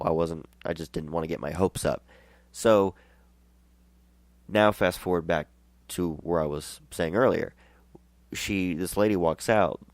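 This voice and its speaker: A male show host telling a rambling, excited story in a casual way, laughing and restarting as he goes. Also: sits low, no room sound.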